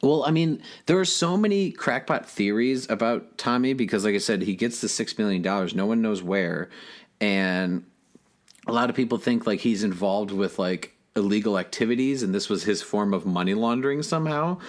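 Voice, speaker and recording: A man co-hosting a podcast in casual chat, telling stories in a chatty, animated way. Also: lowish voice, normal speed. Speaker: guest co-host.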